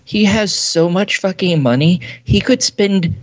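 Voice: mid-range voice, unhurried. A person on a casual podcast talking in an exasperated way with plenty of swearing, recorded with dull lo-fi sound.

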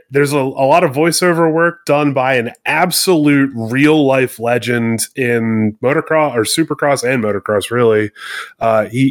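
A man's voice: medium pitch, no room sound. A man talking loosely and bluntly as a guest reviewer on a gaming podcast. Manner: loose, blunt, a bit of profanity. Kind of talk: casual podcast chat.

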